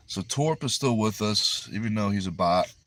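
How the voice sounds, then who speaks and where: A man's voice: fairly low pitch, fairly bright tone. A man from Connecticut with a New England accent, hosting a livestream and reading viewer comments aloud in an easygoing, rambling way. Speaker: arm wrestler and livestream host.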